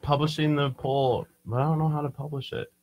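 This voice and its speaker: A man's voice: fairly high pitch, level tone, a little fast, dull audio. A man co-hosting a radio show, chiming in with short teasing, joking asides. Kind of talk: casual talk-radio banter. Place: radio studio.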